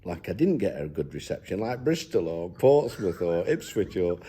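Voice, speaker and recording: This older football manager's voice sits low and sounds sing-song, mellow and husky as he moves along at a moderate pace. He chats reflectively in an interview, keeping it down-to-earth while he reminisces and keeps restarting his sentences.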